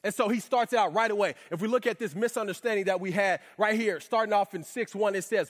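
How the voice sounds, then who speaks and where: A man preaching a sermon in a lively, conversational way with casual slang asides. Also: high voice, fast, few pauses. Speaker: pastor. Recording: reverberant hall.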